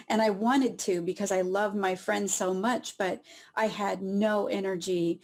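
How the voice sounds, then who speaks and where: A woman sharing a personal story in an emotional, heartfelt way, pausing often and laughing softly through tears. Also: medium pitch, steady tone. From Southern California.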